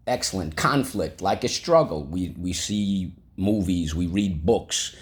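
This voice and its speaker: A middle-aged man teaching a vocabulary lesson to children, speaking slowly and deliberately and repeating key words for the class to echo. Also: low voice.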